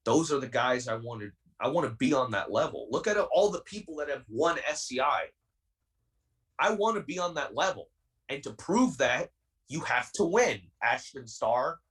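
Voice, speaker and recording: A man's voice: medium pitch, lively intonation, measured pace, pauses often, a bit bright, far from the mic, rough recording. A man of twenty, a wrestler speaking as a guest on a podcast, talking intensely and defiantly and repeating himself to make his point. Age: 20s. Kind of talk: heated podcast interview.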